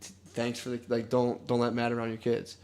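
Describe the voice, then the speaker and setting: A man's voice: mid-range voice, completely flat delivery, fairly quick, darkish tone, slight background noise. Swearing young man telling stories. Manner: profane, laughing anecdotes with many "dude"s. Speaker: podcast co-host. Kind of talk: casual podcast chat.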